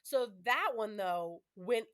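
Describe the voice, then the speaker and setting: A woman's voice: medium pitch, animated, takes it slowly, fairly bright tone. A woman in her thirties hosting a podcast, talking candidly and casually with lots of fillers. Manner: chatty, candid, frequent fillers. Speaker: podcast host. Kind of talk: casual chat.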